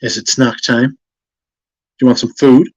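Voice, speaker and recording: A man talks to his livestream chat in a relaxed, easygoing way, reading out comments and adding his own remarks. His voice sits at a middle pitch. The sound is dry and a bit muffled. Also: moderate pace, no room sound. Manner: relaxed, chatty, yawning now and then. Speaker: fragrance livestream host.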